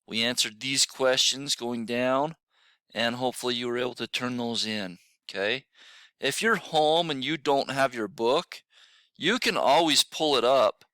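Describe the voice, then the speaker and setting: A man teaches a recorded middle school lesson, loose and repetitive, full of fillers. He sounds sleepy and admits he is not a morning person. His voice is bright and smooth, close and dry. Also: mid-range voice, no room sound. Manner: casual, repeats himself, many fillers. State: tired, yawning.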